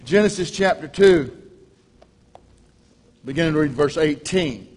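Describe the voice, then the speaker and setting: A man preaching a sermon as a guest preacher, folksy, with a loud carrying voice and joking asides to the congregation. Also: a little high, expressive, unhurried, slightly rough. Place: large church. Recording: long hall reverb.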